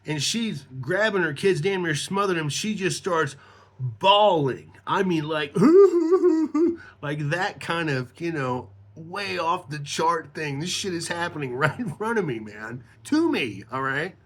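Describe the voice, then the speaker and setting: A man's voice: fairly high pitch, lively intonation, measured pace, a bit bright. A middle-aged man telling a rambling, profane personal story in casual talk, laughing as he goes.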